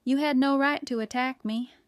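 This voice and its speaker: A woman voicing a defensive, sharp-tongued female suspect in an audiobook, snapping back in a defiant way. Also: high-pitched, steady tone, moderate pace, smooth, no room sound, clean studio sound, voice pushed up, close to an everyday voice. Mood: snappish. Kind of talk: audiobook character reading.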